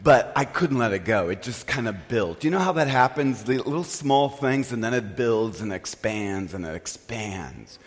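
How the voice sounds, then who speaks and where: A man preaching a storytelling sermon as pastor, animated and poking fun at himself. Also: mid-range voice, moderate pace, hardly any pauses. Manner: animated, self-mocking storyteller. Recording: long reverb of a large hall.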